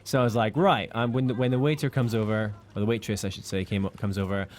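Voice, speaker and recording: A man's voice: lowish voice, steady tone, fast talker, a little hiss or hum. A man from the United Kingdom co-hosting a live game stream, chatting casually and reading out viewer comments.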